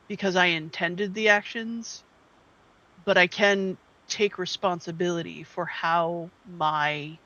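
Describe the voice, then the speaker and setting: A man voicing a polite, earnest adventurer who speaks in halting, apologetic phrases. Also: sits high, bright, forceful tone, exaggerated voice. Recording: dull lo-fi mic.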